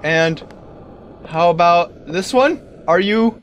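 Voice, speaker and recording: A man doing let's-play commentary, talking to the game and bursting into exclamations. His voice sits a little high and swings widely, while he takes his time with the words. A faint hiss runs underneath. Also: slow, dull audio. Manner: animated, talks to game objects, sudden exclamations. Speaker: gaming video creator.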